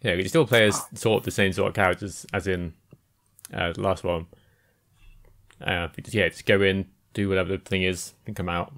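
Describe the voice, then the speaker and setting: A man's voice: low voice, steady tone, fairly quick, a bit bright. A man co-hosting a gaming podcast, talking casually, laughing often and agreeing with his co-host. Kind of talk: casual chat.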